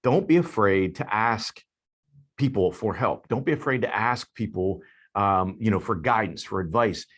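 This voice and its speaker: A man with a lower voice hosts a casual talk show. He speaks in a relaxed way, with plenty of fillers and restarts. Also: normal speed. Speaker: show host.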